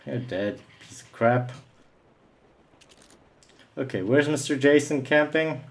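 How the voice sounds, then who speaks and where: A man's voice: mid-range voice, expressive, takes it slowly. Young man raging over gameplay. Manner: angry ranting, swearing often; mocking taunts at opponents. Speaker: gameplay commentator. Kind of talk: live gameplay commentary.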